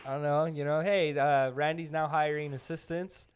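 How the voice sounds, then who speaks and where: Young male podcast co-host, slightly high-pitched, casual rambling storyteller. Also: little pitch movement, normal speed, smooth. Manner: rambling anecdote telling, teasing. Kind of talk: casual chat.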